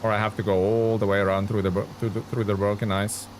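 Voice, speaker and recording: Male streamer, young adult, relaxed chatty play-by-play with faint background noise. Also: fairly low pitch, fast. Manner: chatty, reads chat aloud and answers viewers. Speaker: game streamer. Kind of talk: casual live-stream commentary.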